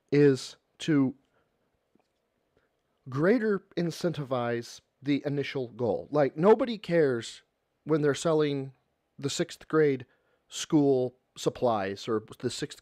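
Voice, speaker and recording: A man's voice: mid-range voice, big pitch swings, slow pace, darkish tone, no echo, studio quality. A Midwestern man reacting on a live stream, exasperated, sarcastic and swearing freely. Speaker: streamer reacting to a podcast clip.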